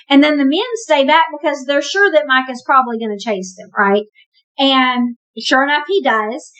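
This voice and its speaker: A woman's voice: high voice, a bit bright, rough recording. A woman retelling a Bible story in a casual, conversational way, with wry asides and emphasis. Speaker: Bible teacher.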